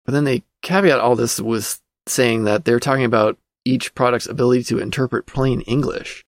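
A man with a gravelly, creaky voice of middle pitch talks his way through an old magazine for his podcast. He speaks casually and thinks aloud, dropping fillers as he goes. The sound is close and dry, with no room echo. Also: normal speed. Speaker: podcast host.

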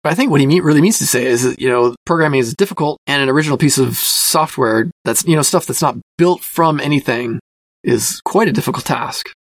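A man hosting a casual talk show, thinking aloud with many fillers and careful hedges, a self-described quiet person. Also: medium pitch, fairly quick, no room sound. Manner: thoughtful, hedging, self-reflective with many fillers. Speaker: podcast host reviewing a magazine. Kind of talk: casual spoken commentary.

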